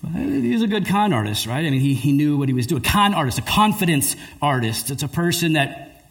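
Guy preaching, telling a story, pitch jumping all over, doing little voices. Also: brisk, gravelly. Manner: animated storyteller, acts out voices. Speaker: pastor. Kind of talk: sermon storytelling.

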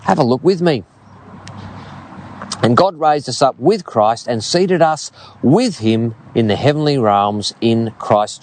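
A man in his fifties with an Australian accent, preaching a sermon and telling stories in an earnest, expressive way. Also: mid-range voice, a little hiss or hum. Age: 50s.

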